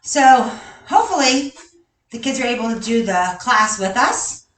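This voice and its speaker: A woman's voice: on the high side, very animated, normal speed, fairly bright tone, distant mic. A woman leading a live online gymnastics workout as coach, counting reps cheerfully and chuckling between exercises. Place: large gym. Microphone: camera a distance away. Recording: echoey gym, voice off-mic.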